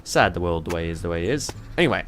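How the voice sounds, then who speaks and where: A man's voice: low voice, sing-song, fairly quick, fairly bright tone, soft background music. A man giving let's play commentary, thinking aloud in a rambling way and swearing casually. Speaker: gamer playing a police management game.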